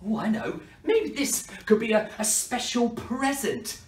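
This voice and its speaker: A playful man hosting a children's magic and superhero party, with mock-dramatic sighs and questions to the kids. He talks slowly, his pitch swinging up and down. The sound is roomy and picked up from across the room. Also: very animated. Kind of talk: kids' party performance. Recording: roomy, from a distance.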